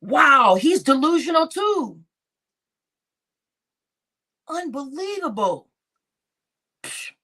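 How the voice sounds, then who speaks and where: A woman hosting a live stream, animated and exclaiming as she reacts to clips. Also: high-pitched, extremely slow, pauses often. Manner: animated and exclaiming, laughs often.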